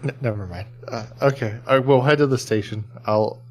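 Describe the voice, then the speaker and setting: A man playing a tabletop role-playing game, joking and talking in character with animated energy. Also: medium pitch, normal speed. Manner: jokey, animated, speaks in character. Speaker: player. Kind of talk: casual tabletop play.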